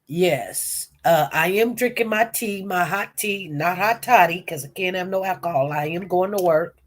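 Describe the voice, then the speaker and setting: A woman with a fairly low pitch talks at normal speed while hosting a casual commentary livestream. She chats straight to her viewers and chat, coughing now and then from a cold.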